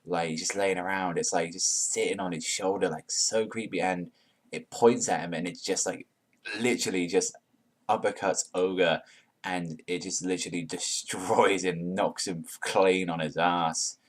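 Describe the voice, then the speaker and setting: A man reviewing a manga chapter in an excited, casual way, swearing often and filling his talk with "like". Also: sits low, measured pace. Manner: profane, hyped, heavy use of "like".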